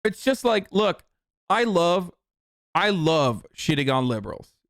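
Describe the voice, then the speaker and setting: A male streamer tears into politicians in a profane, sarcastic rant. His voice sits a little high, and it sounds dry and close with almost no room around it. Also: sing-song, a little slow, fairly bright tone, dry recording. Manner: profane, mocking, ranting. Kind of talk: political commentary livestream.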